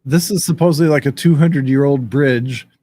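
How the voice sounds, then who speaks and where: A man's voice: medium pitch, a little fast, warm tone. A man hosting a casual chat show, laid-back and joking, reading viewer comments. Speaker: podcast host.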